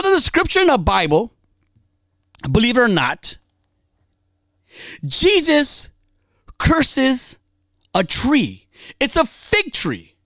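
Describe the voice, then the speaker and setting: Animated woman giving a motivational talk. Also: high-pitched, no echo. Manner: emphatic, repetitive, uses slang.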